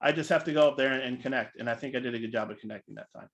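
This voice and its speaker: A man telling a story in a casual, animated way, acting out other people's voices and using "like" a lot. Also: mid-range voice, rapid-fire, vocal fry, dull audio. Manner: animated, acts out voices, filler "like". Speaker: featured speaker.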